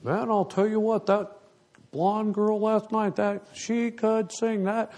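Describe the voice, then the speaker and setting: A man's voice: sits high, little pitch movement, slow, darkish tone, pitched above the performer's own voice. A man voicing a chatty, admiring older man on a cruise, with a folksy drawl.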